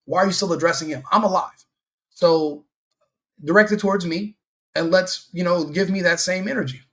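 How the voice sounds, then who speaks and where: A man's voice: sits high, normal speed, a bit bright. A man hosting a commentary video, delivering a heated, scornful opinion rant with lots of repetition.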